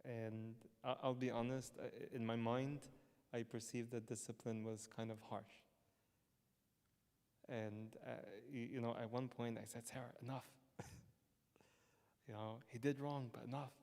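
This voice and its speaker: A priest giving a conversational sermon built on personal stories, with frequent stammering restarts and chuckles. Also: male voice, medium pitch, level tone, measured pace, long pauses, darkish tone, clean tone. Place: church hall. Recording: long church-hall reverb.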